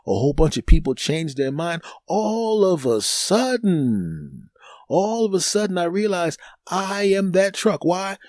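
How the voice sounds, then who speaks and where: A man's voice: on the high side, no room sound. A male comedian spins a long personal story on his podcast, his voice leaping way up whenever he mimics the people in it. The sound is close and dry, with no room around him. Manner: animated, acts out other people's voices in the story.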